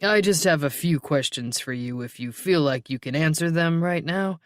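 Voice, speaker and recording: A puffy middle-aged detective, voiced by the audiobook narrator, calm and courteous. He asks questions slowly and politely. Dry, close recording. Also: medium pitch, no echo, close to an everyday voice. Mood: probing.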